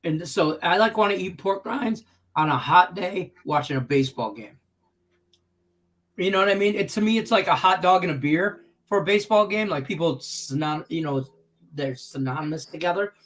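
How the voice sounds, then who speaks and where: Brief: male stream host, slightly high voice, loose and rambling, laughs easily. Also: expressive, normal speed, fairly bright tone. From Detroit, Michigan. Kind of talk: casual chat on a live betting stream.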